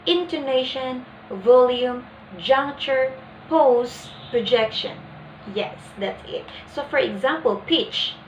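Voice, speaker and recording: A young woman presenting a lesson plan in a deliberate, explanatory way. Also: fairly high pitch, roomy sound, a little hiss or hum, rough recording. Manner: deliberate, acts out example lines.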